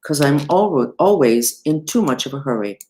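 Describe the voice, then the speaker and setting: A woman who is a spiritual teacher, explaining mantras and mudras in a casual, chatty online lesson, with self-deprecating asides and wide swoops in pitch. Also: lively intonation, normal speed, mellow.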